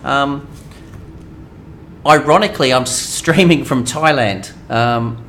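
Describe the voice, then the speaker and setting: A middle-aged Australian man hosting a game live stream, chatting casually with viewers and pausing often with ums. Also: medium pitch, a bit bright, slight background noise. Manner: hesitant, many ums, reads chat aloud.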